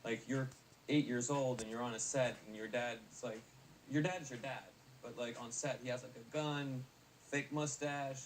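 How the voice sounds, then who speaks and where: This young adult man is an actor being interviewed casually, speaking at normal speed with a medium pitch and fairly even intonation. He rambles, using lots of fillers and restarting often. The mic sounds distant, with faint noise.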